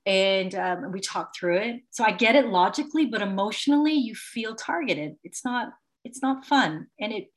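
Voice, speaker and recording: A woman coach in a group discussion, candidly telling a story about a difficult client in an animated way. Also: mid-range voice.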